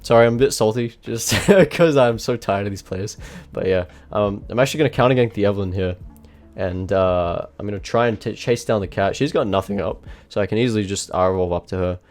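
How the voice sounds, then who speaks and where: Low-voiced man giving casual game commentary. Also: darkish tone. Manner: casual and rambling, swears often, quick restarts. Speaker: gaming video creator. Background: faint background music.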